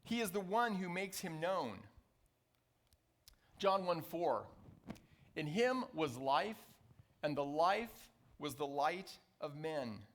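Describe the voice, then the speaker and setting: A man preaching a sermon as a pastor, reading scripture aloud and slowing down to stress key phrases. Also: on the high side, lively intonation, fairly bright tone. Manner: reads scripture passages aloud.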